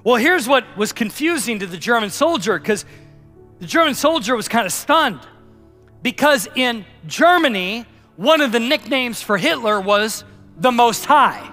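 A male pastor preaching a sermon, telling a story and then closing in prayer, rising loud for emphasis and dropping soft when he prays. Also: very high voice, expressive, measured pace, soft background music.

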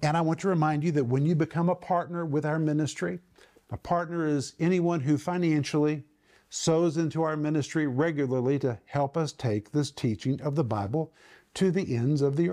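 A man hosting a televised Bible teaching, speaking emphatically and slowing down to stress key words. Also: fairly high pitch, dark tone. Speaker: Bible teacher and program host.

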